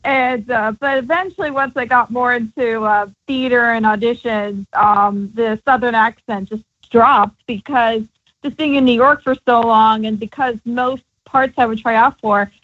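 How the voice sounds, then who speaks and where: Woman interview guest, from the American South, slightly high voice, easygoing, dull lo-fi audio. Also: steady tone, a little slow. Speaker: guest performer.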